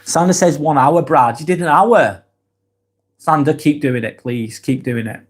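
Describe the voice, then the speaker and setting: A man hosting a live stream, reading viewers' comments aloud and chatting back in a relaxed, easygoing way. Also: on the high side, unhurried. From England. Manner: laid-back, chatty, trails off softly at phrase ends.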